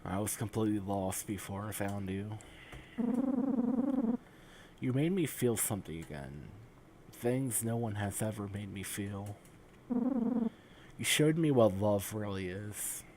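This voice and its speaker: A broken, remorseful man saying a tender goodbye, as a streamer reads him out, soft and low, unhurried, faint game music drifting behind. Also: animated, a little hiss or hum. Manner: soft, quiet, tender reading.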